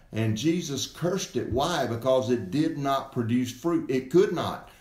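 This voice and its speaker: Slow emphatic male pastor, echoey room. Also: mid-range voice, a little mellow. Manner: slow and emphatic, repeating key words. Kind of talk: sermon.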